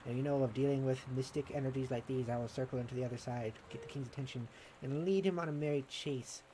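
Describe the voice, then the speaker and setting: A man reading out the lines of a brave young female pirate first mate in a halting storybook voice. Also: medium pitch, steady tone, warm tone, slight background noise, lightly acted, low-quality recording. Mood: earnest.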